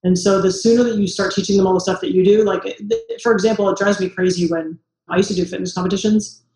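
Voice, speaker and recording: A woman's voice: medium pitch, steady tone, fast talker, warm tone, roomy sound, low-quality recording. A woman, a mother, talking casually in an interview, full of "like" fillers and acting out what others say to her. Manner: chatty, many "like" fillers, acts out quoted voices. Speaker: guest, mother.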